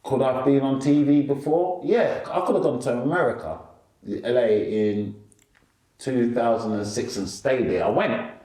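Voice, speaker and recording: A middle-aged male stand-up comedian, telling animated stories in a casual interview. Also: moderate pace, reverberant. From England. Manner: animated, lively storyteller who jumps up in pitch for quotes.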